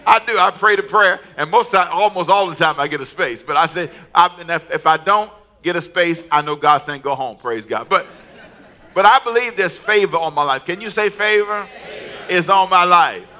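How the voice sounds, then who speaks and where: A middle-aged male preacher with a high-pitched, sharply bright voice. He tells stories with humor, chuckles at his own jokes, and leads the congregation in call-and-response. At the big moments he shouts out emphatic declarations. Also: normal speed. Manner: call-and-response, urging the congregation to repeat lines. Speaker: pastor. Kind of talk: sermon.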